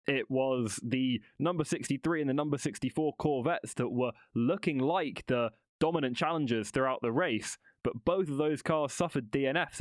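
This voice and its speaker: A man's voice: mid-range voice, no echo. A man hosting a solo motorsport podcast from a studio, talking in a rambling, conversational way with restarts and self-corrections. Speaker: podcast host.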